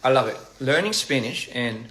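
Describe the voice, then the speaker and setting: A man chatting casually on a live stream during a meal, playful and halting, repeating phrases as he practices pronunciation. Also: mid-range voice, animated, noisy background. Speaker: livestream host. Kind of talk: casual live-stream chat while eating.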